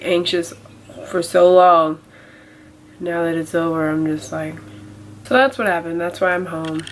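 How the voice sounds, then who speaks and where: Poor audio with slight background noise captures a young woman whose nasal voice is on the low side. She's vlogging in a casual, confessional way about a setback, rambling and using many filler words.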